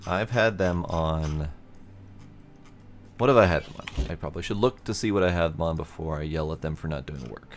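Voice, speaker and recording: A man's voice: a bass voice, a little fast, faint music behind. A man giving casual let's play commentary, thinking aloud as he plays and swearing mildly now and then. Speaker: gameplay commentator.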